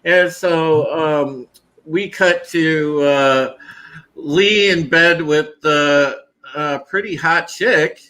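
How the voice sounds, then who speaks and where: Slow bright-voiced male podcast host. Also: fairly high pitch, poor audio. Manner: laid-back, drawling, lots of fillers and laughs. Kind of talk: casual panel chat.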